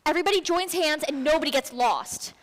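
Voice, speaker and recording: A woman's voice: high-pitched, a little fast, long reverb tail, lightly acted. A young woman actor on a school stage playing a boy who bossily takes charge of a lost group. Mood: bossy. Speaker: student actor. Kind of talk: stage play acting. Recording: stage voice with music behind.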